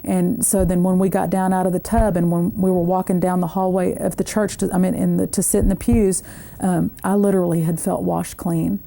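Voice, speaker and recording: Gravelly, low-voiced woman giving testimony. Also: level tone, warm tone. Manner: earnest, halting, with frequent restarts. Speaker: guest. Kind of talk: personal faith testimony.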